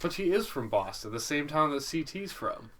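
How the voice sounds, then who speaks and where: A man's voice: on the high side, sing-song, normal speed, fairly bright tone. A man co-hosting a podcast, talking casually and bluntly, with sarcasm and plenty of swearing. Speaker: podcast co-host. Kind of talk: casual recap chat.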